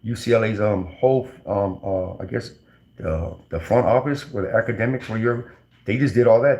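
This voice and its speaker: A man's voice: fairly low pitch, normal speed, darkish tone. A man, telling stories in a slangy, rambling way, full of restarts and fillers. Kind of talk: casual storytelling.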